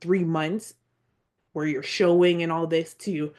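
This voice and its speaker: A woman's voice: low voice, steady tone, darkish tone. A woman speaking as a podcast guest, telling a personal story in a heartfelt, earnest way and sometimes near tears. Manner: heartfelt, earnest, slow and reflective.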